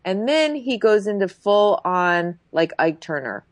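A woman's voice: mid-range voice, unhurried, no room sound. A woman casually chatting as a podcast co-host, recapping a reality show and acting out quotes with lots of fillers. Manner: expressive, acts out quotes, frequent fillers.

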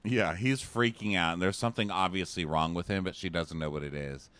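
A man's voice: sits low, fairly quick, no echo. A man co-hosting a casual podcast chat, gossiping with many "like"s. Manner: animated, gossipy, lots of "like". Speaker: podcast co-host.

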